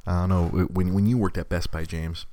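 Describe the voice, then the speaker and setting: A man's voice: low voice, steady tone, a little fast, mellow, a little hiss or hum. A man, casually telling a rambling story to viewers, repeating words and laughing often.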